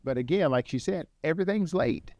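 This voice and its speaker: A man's voice: on the high side, a little fast. Affirming man podcast co-host. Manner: steady, affirming. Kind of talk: casual chat.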